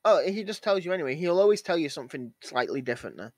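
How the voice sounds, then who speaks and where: A man co-hosting a gaming podcast, telling animated stories and acting out characters in casual chat. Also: fairly high pitch, fast, dry recording. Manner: animated storytelling, acts out characters. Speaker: podcast co-host.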